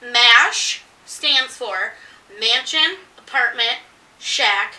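A tipsy, giggly woman co-hosts a casual chat at home. Her voice is very bright and a little high. She sits a bit back from the mic, with faint room noise behind her. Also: drawn-out words, echoey room, far from the mic, rough recording. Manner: giggly, excitable, swearing. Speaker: co-host.

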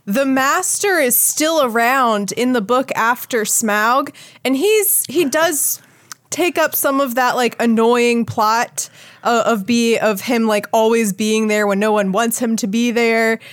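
A woman's voice: on the high side, slow, dry recording, studio quality. A woman co-hosting a podcast, chatting and teasing in a casual way. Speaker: podcast co-host. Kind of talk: casual chat.

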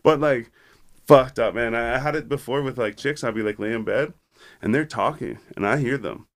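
A man in a loose, profane chat, spinning a rambling story packed with filler words and acted-out asides. His voice sits at an ordinary middle pitch. The sound is dry and close, with no room echo. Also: normal speed. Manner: acts out his own inner voice in quotes. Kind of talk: casual chat.

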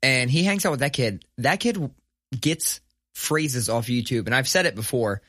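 A man's voice: mid-range voice, expressive, moderate pace, a bit bright, dry recording, studio quality. Profane man telling a story. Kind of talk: casual storytelling chat.

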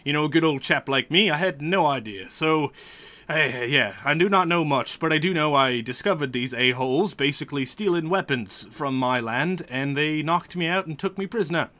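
A man playing a chatty sea elf, friendly and rambling, in a bright, forward voice. He runs on in folksy turns. A tabletop game figure. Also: a little high, moderate pace.

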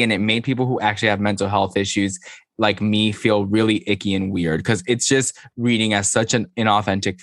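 A man co-hosting a casual recap podcast, talking in an animated, emphatic way and swearing freely. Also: fairly low pitch, no echo, clean studio sound. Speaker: podcast co-host. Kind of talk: casual reality-TV recap chat.

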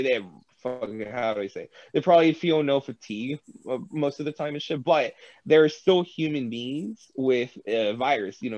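A man's voice: medium pitch, a little mellow, no room sound. A young man in casual podcast chat, rambling, swearing often and laughing. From United States. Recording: dull dry lo-fi recording.

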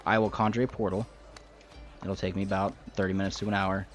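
Man doing a brisk, calm wizard. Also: deep voice, faint music behind, natural voice. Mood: businesslike. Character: male wizard, calm and businesslike. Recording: slightly muffled recording.

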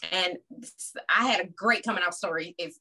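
A woman's voice: lowish voice, moderate pace, husky. A woman guest telling her story in casual conversation, acting out what her family said. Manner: animated, acts out family members' voices. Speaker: podcast guest.

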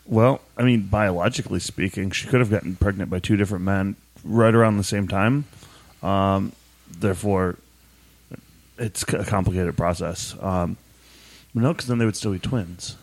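A man's voice: low voice, moderate pace. A man co-hosting a casual podcast, joking and laughing with friends. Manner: joking, lively, laughs often. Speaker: podcast co-host. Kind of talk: casual banter among friends.

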